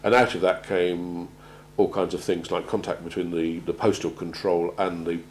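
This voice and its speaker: A man gives a measured talk on crisis planning, often pausing and repeating words as he goes. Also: sits low, flat delivery, a little hiss or hum, low-quality recording. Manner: measured, halting, repeats words while finding them. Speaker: presenter on organisational crisis planning. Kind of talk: prepared talk to an audience.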